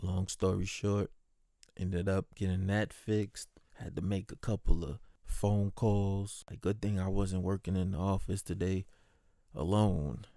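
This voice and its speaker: A man's voice: low-pitched, little pitch movement, a little slow, dark tone, no room sound, clean studio sound. A man who works as a postal clerk, casually telling stories from his workday, swearing freely and mimicking the people he describes.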